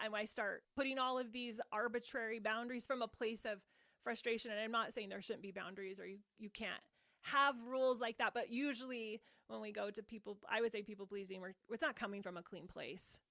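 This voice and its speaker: A woman's voice: a little high, steady tone, brisk, bright, forceful tone, dry recording. A woman talking expressively and emphatically on a parenting podcast, laughing easily.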